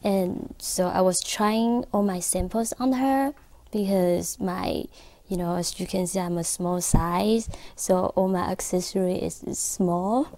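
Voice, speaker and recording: A woman, an accessory designer, telling a story as an interview guest in a filming studio. Her English is halting and full of fillers. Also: on the low side, warm tone, no room sound. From Taiwan. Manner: halting non-native English with frequent fillers.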